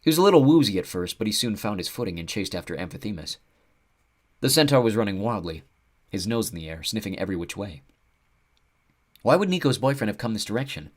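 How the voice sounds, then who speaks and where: A man narrating an audiobook with an expressive storytelling delivery. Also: fairly low pitch, fast talker.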